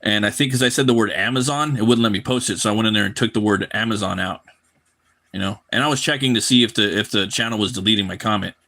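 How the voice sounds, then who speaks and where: A man's voice: fairly low pitch, fast, creaky, bright, forceful tone. A man chatting casually on a live drawing stream, loose and profane, often repeating his words as he rambles. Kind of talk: casual chat while drawing.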